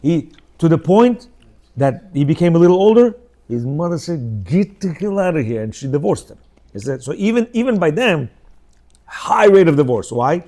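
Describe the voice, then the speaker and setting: Middle-aged Bukharian-accented man, fairly high voice, informal lecturer who keeps asking his listeners questions. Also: normal speed. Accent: Bukharian Jewish. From Uzbekistan. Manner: animated, asks listeners rhetorical questions. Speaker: Torah class teacher. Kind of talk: informal religious class talk.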